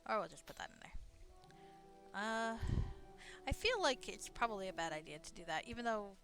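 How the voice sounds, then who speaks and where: A woman's voice: medium pitch, animated, normal speed, a bit bright. A young woman streaming a game, chatting casually and bubbly with her viewers. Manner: bubbly, chatty, laughs often. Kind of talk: casual live-stream chat. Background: faint game music.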